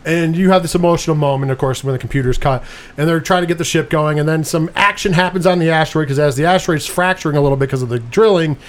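Animated man retelling a movie. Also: a little high, fast. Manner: animated retelling with swearing and quoted lines. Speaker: podcast co-host. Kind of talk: casual movie review chat.

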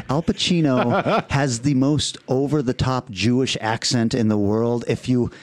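A man hosting a podcast in casual chat, enthusiastic and quick to laugh. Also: medium pitch, dry recording. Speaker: podcast host.

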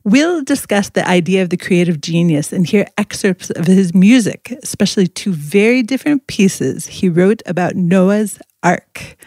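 A woman's voice: on the low side, lively intonation, normal speed, few pauses, a little mellow. A middle-aged woman from Indianapolis hosting a friendly, conversational interview. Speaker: podcast host.

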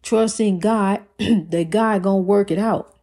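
A woman's voice: medium pitch, fairly even intonation, slow, mellow. A woman giving an inspirational talk about faith, preaching in repeated phrases and calling the listener "honey.". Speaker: spiritual vlogger. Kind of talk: inspirational monologue.

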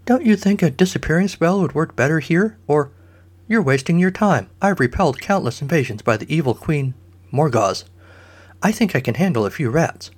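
A man's voice: on the high side, lively intonation, moderate pace, breathy edge, pitched above the performer's own voice. A man voicing a whiny, fussy male court sorcerer in a comic story. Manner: whining, pleading.

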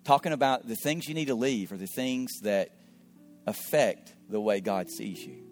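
A middle-aged male pastor tells a story in an earnest sermon voice. He repeats words as he searches for them and sometimes drops to quiet asides. Soft guitar plays faintly behind him. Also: lowish voice, moderate pace. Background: faint guitar music.

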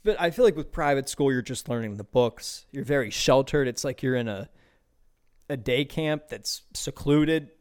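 Brief: young male podcast host from Pittsburgh, loose profane storytelling, clear smooth voice of middle pitch. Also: moderate pace, a little mellow. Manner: rambling, profane, laughs a lot, repeats words. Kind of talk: casual solo podcast monologue.

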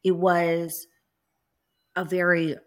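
A woman's voice: lowish voice, level tone, drawn-out words. A woman talking as a guest on an interview show, telling a story in a chatty way full of "like" fillers.

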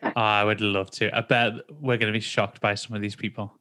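A man's voice: lowish voice, steady tone, a little fast, sharp tone. A man co-hosting a podcast in casual chat, teasing and laughing often. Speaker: podcast co-host.

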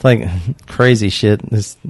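A man's voice: fairly low pitch, slow pace, dry recording. Midwest dad in his 50s or so, cussing and cracking up telling stories, dry mic. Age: middle-aged. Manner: laughing, profane, animated storyteller. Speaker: podcast guest, retired police officer dad. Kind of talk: casual storytelling chat.

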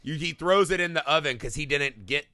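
A man co-hosting a casual podcast, reviewing a horror film with excited, profane enthusiasm and little acted-out bits. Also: a little high, no room sound, clean studio sound. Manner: excited, profane, acts out scenes in quick bursts. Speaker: podcast co-host.

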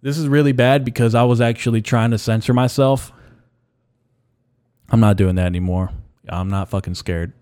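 A man's voice: lowish voice, flat delivery, moderate pace, pauses often, dark tone, clean tone, no echo, studio quality. A young man hosting a solo podcast, ranting bluntly with heavy swearing and frequent repeats. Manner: blunt, profane, repeats himself. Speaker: podcast host. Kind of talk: casual solo podcast rant.

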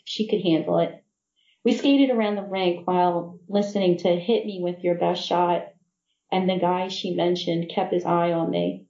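Mellow-voiced woman reading her novel. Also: lowish voice, reverberant, highs cut off. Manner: measured first-person storytelling. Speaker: author.

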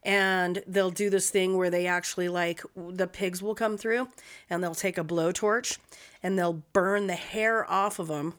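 A woman's voice: on the low side, fairly even intonation, unhurried, a bit bright. A woman hosting a podcast, telling a true-crime story in a casual, profane, blunt way.

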